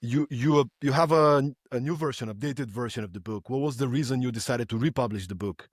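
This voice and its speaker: Halting male podcast host. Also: mid-range voice, no room sound, clean studio sound. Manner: halting, repeats words when starting questions. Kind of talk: casual interview questions.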